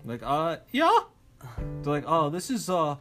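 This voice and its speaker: A man's voice: a little high, measured pace, soft background music. A man casually telling a funny story on a podcast, acting out the voices of the people in it and laughing often. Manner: animated, acts out quoted voices loudly, laughs often. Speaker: podcast co-host.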